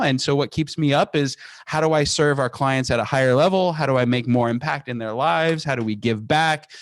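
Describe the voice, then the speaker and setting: A man's voice: on the high side, no echo. A man guest on an interview podcast, talking with energy and restarting phrases as he tells business stories. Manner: energetic, animated storytelling with quick restarts. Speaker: guest, company founder.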